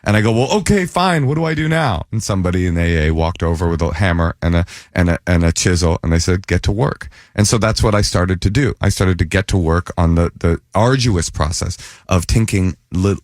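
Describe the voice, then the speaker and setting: Low-voiced male comedian telling a story. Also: fairly quick, few pauses, no echo, studio quality. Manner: animated, jumps up in pitch when acting out quoted voices. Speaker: comedian guest. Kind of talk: comic storytelling in a radio interview. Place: radio studio.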